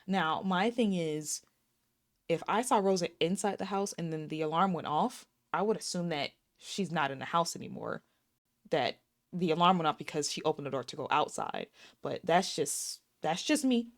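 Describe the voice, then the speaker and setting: A woman in her thirties with a slightly low voice recaps a movie scene by scene. She is chatty and sassy and talks straight to her viewers. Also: animated, moderate pace. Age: 30s. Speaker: movie reviewer. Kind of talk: casual movie recap and review.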